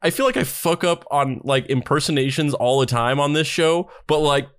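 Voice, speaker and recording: Animated podcast co-host, lively voice. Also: male voice, on the high side, moderate pace, smooth, no room sound. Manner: animated, self-deprecating, swears. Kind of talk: casual podcast chat.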